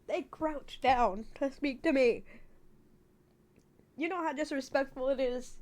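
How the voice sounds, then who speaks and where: A woman's voice: high voice, expressive, takes it slowly, long pauses, a little mellow. A woman streamer chatting casually from her room, laughing often, swearing freely and exaggerating for effect. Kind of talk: casual live-stream chat.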